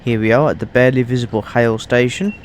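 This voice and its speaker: A man talking through a train game as he plays, in a middle-pitched voice. He stops and restarts his sentences and drifts into rambling asides. Faint train sounds from the game hum behind him. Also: steady tone, fast. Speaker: gaming YouTuber. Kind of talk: casual gameplay commentary.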